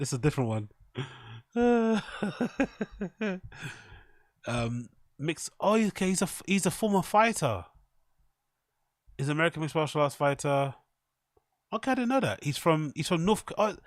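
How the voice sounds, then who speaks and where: A man's voice: on the high side, no room sound, studio quality. A man hosting a stream, loosely reacting to clips and reading a news story aloud, swearing often. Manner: loose and profane, riffing on clips. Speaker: streamer host. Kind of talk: casual stream commentary.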